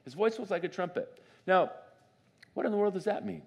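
A man preaching a sermon as pastor in a church, conversational and animated, often asking the congregation questions. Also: sits high, brisk, creaky. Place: church sanctuary.

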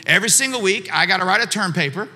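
A man's voice: sits high, animated, racing, bright, forceful tone, soft background music. A man preaching a sermon as a pastor, telling a personal story and repeating phrases for emphasis.

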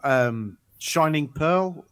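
With a fairly high, slightly bright voice that's clear and resonant, a gaming podcast co-host talks with lively intonation and drawn-out words. His casual chat rambles, full of ums and restarts.

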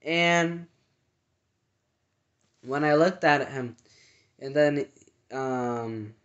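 A man earnestly recounting a dream in casual, halting speech full of fillers and restarts. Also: on the high side, fairly bright tone. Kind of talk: casual personal storytelling. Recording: dull lo-fi sound.

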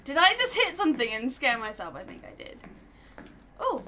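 A woman's voice: high voice, wildly swooping pitch, quick pace, sharp tone. A young woman giving horror game commentary, jumpy, muttering to herself and then bursting into shrieks. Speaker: gaming YouTuber.

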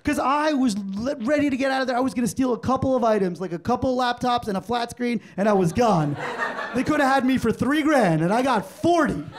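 A man in his forties works a live comedy room with a stand-up set. His voice sits very high for a man, and he tells his stories with animated punch, acting out both sides of each exchange on a handheld stage mic. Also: brisk. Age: 40s. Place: comedy club stage before a live audience.

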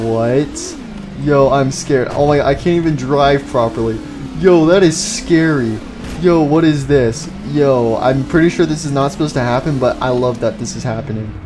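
Excitable young man doing game commentary. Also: mid-range voice, slight background noise. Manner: excitable, loud outbursts and goofy jokes. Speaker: gaming YouTuber. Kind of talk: casual gameplay commentary.

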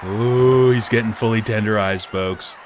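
A gameplay streamer with a fairly low voice provides mock wrestling announcer commentary while playing a wrestling game, speaking slowly over background noise. In his theatrical announcer role, he addresses viewers as folks and plays up the emotion.

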